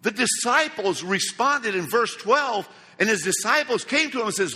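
A male preacher delivers a sermon in a high, bright, slightly husky voice. He speaks slowly and dramatically, acting out each quote. The sound rings with a long hall reverb. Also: animated. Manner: emphatic, slow and dramatic, acts out quotes.

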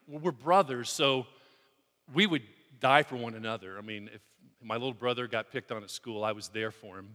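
Bright-voiced male pastor in a reverberant hall. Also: medium pitch. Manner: earnest, conversational preaching with halting restarts. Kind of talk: sermon.

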